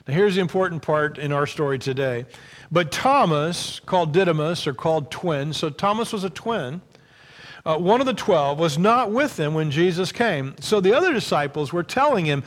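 A pastor preaching a sermon, reading scripture aloud and then retelling the story in a relaxed, conversational way. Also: male voice, a little high, normal speed. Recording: long reverb of a large hall.

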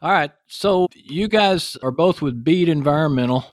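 A man's voice: fairly high pitch, expressive, normal speed, dry recording, clean studio sound. A man with a Texan accent hosting a podcast interview, talking in a chatty, joking way with rambling asides, from his home office. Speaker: podcast host. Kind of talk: casual interview chat. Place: home office in an upstairs bedroom.

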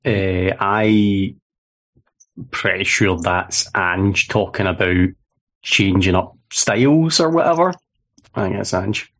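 A man's voice: deep voice, takes it slowly, a bit bright. A Scottish man on a football podcast panel, playful and jokey. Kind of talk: casual panel chat.

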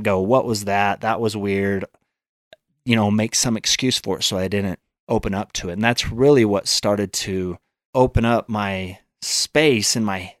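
A man's voice: fairly low pitch, dry recording, clean studio sound. Earnest man telling a personal story. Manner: earnest, acts out quoted thoughts. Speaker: guest. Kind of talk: storytelling in a podcast interview.

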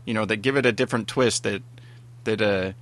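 A man's voice: on the low side, brisk, fairly bright tone. A man co-hosting a podcast, talking casually about TV shows in long, meandering sentences. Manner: rambling, many fillers and restarts. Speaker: podcast co-host. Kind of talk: casual TV review chat.

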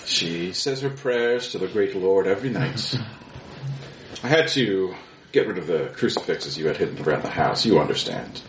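A man's voice: low-pitched, lively intonation, normal speed, reverberant, a little hiss or hum. A man playing a smug, cruel villain officer. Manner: silky, mocking, coldly threatening.

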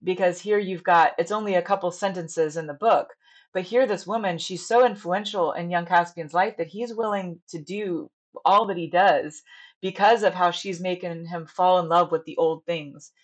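A woman's voice: lowish voice, fairly even intonation, normal speed. A woman in her thirties, a stage director and actress, talking in a chatty, earnest way during a casual podcast interview.

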